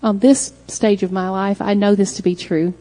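A woman's voice: mid-range voice, steady tone, moderate pace, mellow, low-quality recording. A middle-aged woman closing a sermon, earnest and encouraging, reading scripture aloud to the congregation. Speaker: church speaker.

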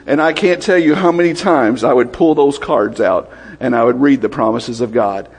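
A man preaching a sermon, quick-fire and lively, often asking questions of the congregation. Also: medium pitch, slightly rough, long reverb tail.

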